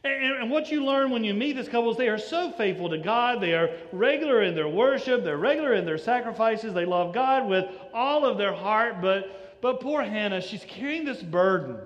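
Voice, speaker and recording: High-voiced pastor preaching in a church. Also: male voice, fairly bright tone, in a large hall. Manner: conversational, repeats words on restarts. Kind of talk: sermon.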